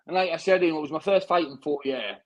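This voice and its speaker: With a crowd in the background and poor audio, a young British man talks fast in a voice on the high side. A bare-knuckle fighter chatting post-fight, he keeps restarting and puts "mate" in every sentence.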